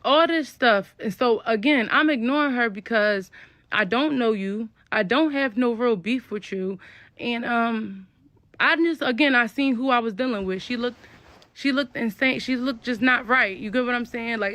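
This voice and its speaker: A woman's voice: fairly high pitch, a bit bright, no room sound. Blunt slangy woman telling a storytime. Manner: blunt, slangy, spelling out curse words. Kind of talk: casual storytime. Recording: dull, lo-fi, dry sound.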